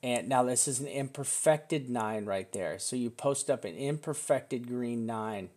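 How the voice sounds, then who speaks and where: A man rambles through a casual live look at crypto charts, restarting sentences as he reasons aloud and swearing freely. His mid-range voice has a darkish tone and moves a little slowly.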